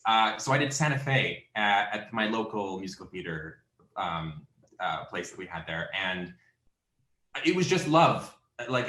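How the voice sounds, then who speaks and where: A man's voice: fairly low pitch, bright, forceful tone. A young man from Canada, a guest musician, chatting casually in an interview with many fillers and self-corrections. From Canada (Alberta). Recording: roomy echo.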